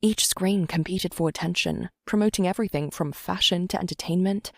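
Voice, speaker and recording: A woman narrating an audiobook in a measured, dramatic way, her voice very low with a gravelly edge. The recording is dry and close, with no room sound. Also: no room sound.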